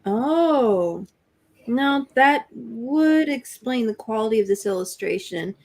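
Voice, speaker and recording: A woman's voice: on the high side, animated, takes it slowly, a little mellow. A woman co-hosting a casual livestream chat, giving thoughtful and detailed comments on artwork.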